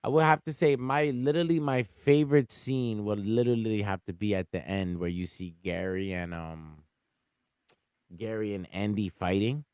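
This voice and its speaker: A man's voice: on the low side, fairly even intonation, moderate pace, darkish tone, clean tone, dry recording, clean studio sound. A man chatting casually about a movie in an easygoing way, full of fillers and restarts.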